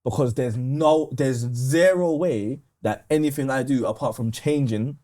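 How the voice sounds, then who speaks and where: A man's voice: medium pitch, measured pace, warm tone. A man in his thirties with a London accent, a podcast guest giving blunt, opinionated views in casual slang. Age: 30s. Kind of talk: candid podcast conversation.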